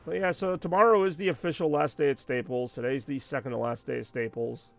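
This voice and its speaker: A man's voice: mid-range voice, fairly even intonation, a little fast, gravelly, a bit bright. A man rambling and venting in casual chat while streaming live gameplay, with frequent asides. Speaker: gaming streamer.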